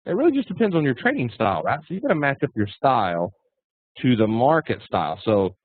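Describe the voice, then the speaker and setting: A man's voice: mid-range voice, sing-song, a little fast, no room sound. Blunt man teaching over a tinny line. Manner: folksy, blunt, punchy. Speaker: trading instructor. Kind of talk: casual teaching webinar. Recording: tinny phone-like dry line.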